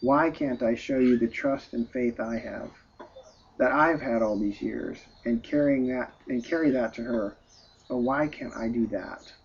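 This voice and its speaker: A man voicing an anguished, humble friar who prays and pleads softly and tearfully. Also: mid-range voice, normal speed, husky. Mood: prayerful. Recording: dull lo-fi recording.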